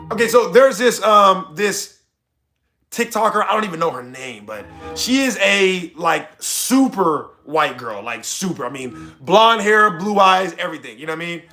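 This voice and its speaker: A young American man streaming casually, reading chat and ranting loudly with plenty of cussing. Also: high voice, moderate pace, soft background music. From United States. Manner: loud, animated, cussing rants. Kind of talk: casual livestream commentary.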